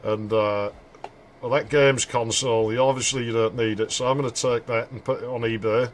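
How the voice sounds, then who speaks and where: A man's voice: mid-range voice, fairly even intonation, moderate pace, a little hiss or hum. Joking man streaming a game. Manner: joking, rambling asides. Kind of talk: casual gameplay commentary.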